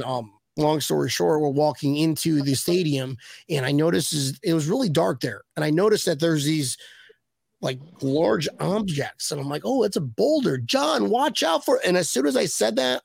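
A man's voice: on the high side, creaky, dry recording. A man hosting a casual video-call chat show, telling rambling joking stories. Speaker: podcast host.

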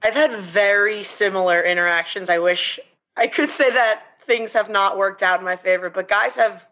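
A woman with a mid-range voice chats casually in a wry, understated way. She keeps her delivery easy and low-key. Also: normal speed, a bit bright. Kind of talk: casual chat.

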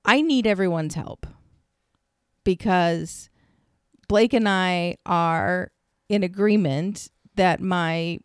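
Earnest woman with a smooth voice. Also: fairly low pitch, slow, no echo, clean studio sound. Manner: earnest, reflective explaining with many restarts; flustered and laughing when teased. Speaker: podcast co-host. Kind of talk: casual chat.

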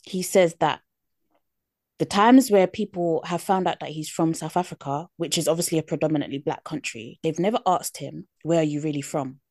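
A woman co-hosting a podcast in casual chat, animated and quick to laugh. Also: low voice, no room sound, clean studio sound. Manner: animated, laughs often, acts out quoted voices. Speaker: podcast co-host.

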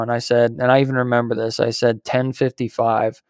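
Animated male podcaster telling a story. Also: mid-range voice, a little fast, few pauses, no echo, clean studio sound. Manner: animated storyteller, acts out quoted voices, swears casually. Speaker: podcast co-host. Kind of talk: casual storytelling chat.

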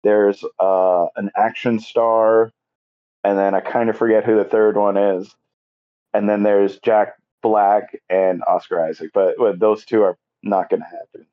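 A man's voice: on the low side, little pitch movement, a little slow, lo-fi sound. A man on a podcast casually recapping a movie plot, rambling with lots of fillers and acting out the characters' lines. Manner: rambling, filler-heavy retelling with acted-out quotes. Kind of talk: casual chat.

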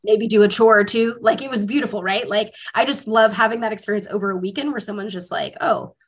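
Podcast guest, woman, mid-pitched, casual and chatty, swears easily. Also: fast, husky. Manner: animated storytelling, heavy use of "like", swears freely. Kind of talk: casual chat.

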